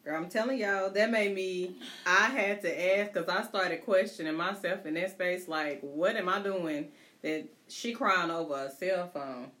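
Low-voiced woman telling family stories. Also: a little slow, a bit bright. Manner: emphatic storyteller, calls friends girl and baby. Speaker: mother of a teenage daughter. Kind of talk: casual chat among friends.

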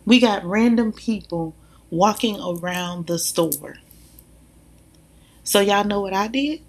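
Mom vlogger: husky, gravelly woman, emphatic, talks right at the audience. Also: medium pitch, slow pace. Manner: animated, emphatic, addresses listeners directly. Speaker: mother sharing views. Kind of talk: casual monologue to viewers.

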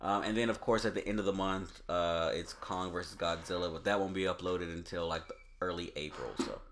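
A man's voice: deep voice, steady tone, a little fast, fairly bright tone. A man hosting a casual podcast in a laid-back way, planning upcoming episodes. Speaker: podcast host. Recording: audio-only podcast with faint noise.

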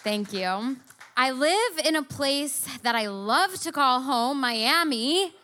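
High bright-voiced woman telling a story. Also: takes it slowly, slight background noise. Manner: animated, swearing, acts out quotes. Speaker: storyteller on stage. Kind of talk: live storytelling performance. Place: stage before a live audience.

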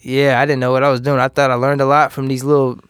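A man's voice: mid-range voice, flat delivery, fast, fairly bright tone, clean tone, dry recording, clean studio sound. A young man in casual, crude banter with a co-host, joking and laughing in loose slang.

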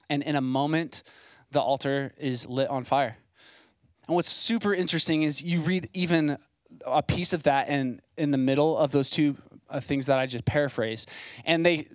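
A man's voice: on the high side, normal speed, no echo. A young man preaching a sermon as a site pastor, in a casual, conversational way with plain asides.

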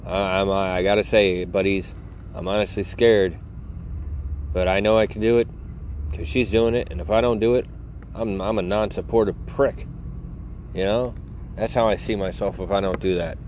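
A man's voice: deep voice, slight background noise. A middle-aged man chatting casually to his viewers from a car, rambling, joking and swearing with self-mocking humor. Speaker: vlogger.

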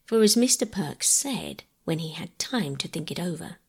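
A woman reading a bedtime audiobook in a gentle, measured, breathy voice that often drops to a whisper. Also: lowish voice, big pitch swings. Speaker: narrator. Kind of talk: soft bedtime audiobook narration.

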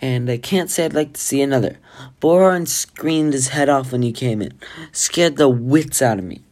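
A reader voicing a kind, fussy male healer who reassures gently while fretting in a storybook read-aloud. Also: medium pitch, normal speed, close to an everyday voice. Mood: reassuring. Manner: gently reassuring, a bit fretful.

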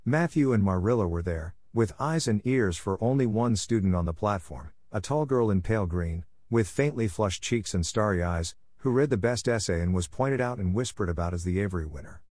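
A man narrating a classic novel as an audiobook, steady and measured, close to the mic. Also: lowish voice. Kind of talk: audiobook reading.

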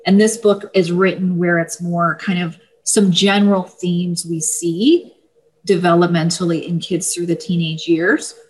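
A woman, an author of parenting books, explaining her books and advice in a steady, easygoing interview manner with small fillers. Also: lowish voice, measured pace, husky, low-quality recording. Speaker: parenting book author, guest. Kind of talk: casual interview talk.

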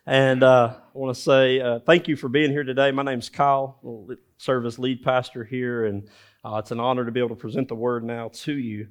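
A man's voice: mid-range voice, flat delivery, brisk, clear, resonant tone. A man, a lead pastor, preaching a sermon in a conversational way, with filler words and rhetorical questions.

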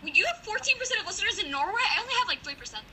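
A woman's voice: extremely high pitch, sing-song, racing, pushed and bright, a little hiss or hum, poor audio. A woman hosting a casual group podcast chat over a video call, giggly and rambling with lots of restarts. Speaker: podcast host.

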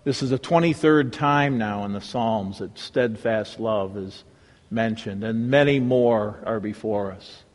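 A male pastor preaching a sermon with a dramatic delivery that swings from raised emphasis to hushed, reverent tones. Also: lowish voice, unhurried, long reverb tail.

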